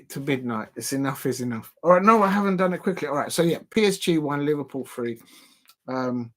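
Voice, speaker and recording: A man hosting a football watch-along livestream in casual, rambling chat, calling out to the fans watching. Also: mid-range voice. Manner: rambling, chatty, addresses fans directly. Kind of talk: casual live-stream chat.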